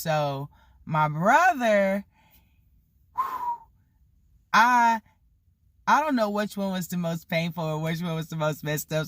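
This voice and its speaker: Animated, cussing storyteller in their thirties. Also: medium pitch, no room sound, clean studio sound. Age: 30s. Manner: animated, swears freely, acts out the people in the story; heavy use of "like" and "you know" fillers. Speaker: vlogger telling a story. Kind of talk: casual storytime vlog.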